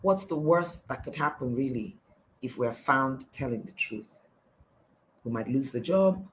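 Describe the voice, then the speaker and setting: A woman's voice: rumbling low, animated, measured pace, a little hiss or hum, rough recording. A middle-aged woman with a Nigerian accent, giving a devotional coaching talk, asking question after question in an emphatic way. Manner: questioning, emphatic, repeats "why". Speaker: life coach.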